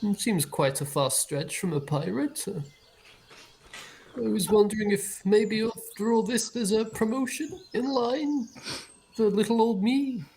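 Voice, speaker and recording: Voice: medium pitch, unhurried, darkish tone, lightly acted, low-quality recording. A player voicing a small, cheeky pirate who asks sheepishly about becoming a knight. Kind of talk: tabletop role-play voice acting.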